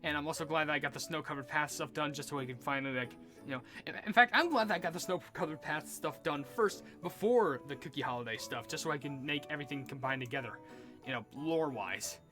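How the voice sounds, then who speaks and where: A man's voice: on the high side, fast, pushed and bright, soft background music. Young man rambling through game commentary. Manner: rambling, full of likes, earnest and emotional. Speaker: gaming YouTuber. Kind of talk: casual gameplay commentary.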